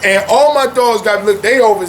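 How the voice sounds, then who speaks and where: A man's voice: extremely high pitch, slight background noise. A young man talking casually and animatedly at home with his dogs, dropping "man" into nearly every thought. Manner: animated, loose slang-heavy talk with frequent "man". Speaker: guest. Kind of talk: casual chat.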